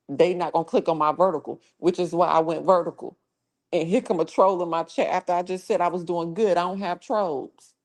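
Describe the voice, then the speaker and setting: A woman's voice: on the low side, a little mellow. A woman hosting a casual livestream who talks profanely and scolds trolls in her chat in a confrontational tone. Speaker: livestream host.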